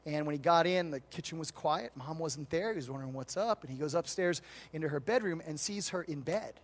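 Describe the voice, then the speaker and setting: Speaking a little fast, a middle-aged pastor from the United States shapes his sermon around stories. His voice runs slightly high for a man, and he alternates forceful, emphatic passages with soft, gentle ones.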